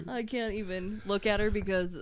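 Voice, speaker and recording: A woman's voice: medium pitch, fairly even intonation, a little slow. A woman, a nurse, chatting casually as a podcast guest, laughing and chiming in. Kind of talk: casual chat.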